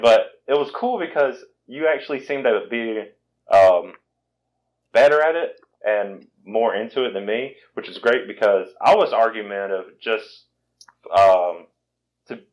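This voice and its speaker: A man's voice: fairly low pitch, lively intonation, unhurried, low-quality recording. Rambling Southern-accented young man. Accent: Southern American. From Virginia. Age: 20s. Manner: rambling, self-deprecating, frequent restarts. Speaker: podcast host. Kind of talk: casual chat.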